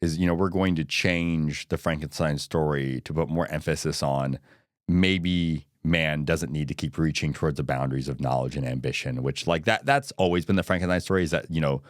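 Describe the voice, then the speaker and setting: Podcast co-host, man, low voice, dry close sound, animated and quick with restarts. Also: no echo. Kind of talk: casual film discussion.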